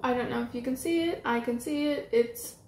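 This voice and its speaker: A young woman talks her way through a makeup tutorial at home, gushing and excitable as she works. Her voice sits a little high. The room sounds roomy and echoey, with a faint ambient hum underneath. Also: brisk. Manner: gushing and excitable, talking while applying makeup. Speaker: beauty vlogger. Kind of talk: casual makeup tutorial chat. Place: home room with setting sunlight.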